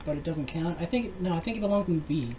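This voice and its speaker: A man who is a guest in a casual chat, joking and tossing off quick banter. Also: a little high, mellow, a little hiss or hum, poor audio.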